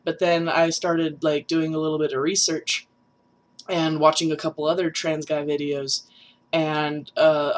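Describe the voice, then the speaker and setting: Young trans guy vlogger, nasal voice, chatty and self-mocking, loose and rambling. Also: on the high side. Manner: chatty and rambling, many fillers, laughs at self. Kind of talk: casual vlog update.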